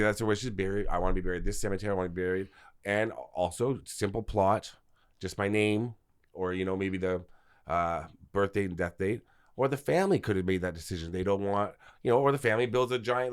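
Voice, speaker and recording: Low-voiced man rambling on about film stories. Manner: rambling, explains at length with frequent restarts. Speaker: film location expert guest. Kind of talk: casual podcast conversation.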